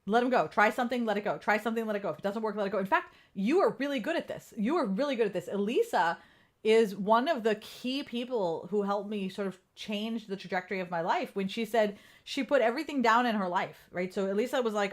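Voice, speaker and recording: A woman coach speaks straight to her viewers in an easy, unscripted way. She is candid and lively and swears without a second thought, and her voice sits at an ordinary middle pitch. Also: fast. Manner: candid, animated, swears casually. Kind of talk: casual live-stream talk.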